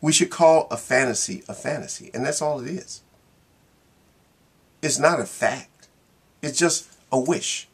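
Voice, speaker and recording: A man's voice: mid-range voice, measured pace, vocal fry, long pauses, slightly rough. A man giving a casual, rambling monologue in his vlog, wry and laughing at himself. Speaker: vlogger.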